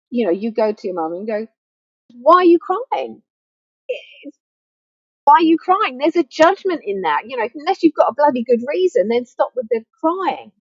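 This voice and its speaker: A woman's voice: on the high side, a little mellow, slightly rough, no echo. A woman grief counsellor giving an earnest, conversational teaching talk to camera, repeating key words for emphasis. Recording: dull faulty mic sound.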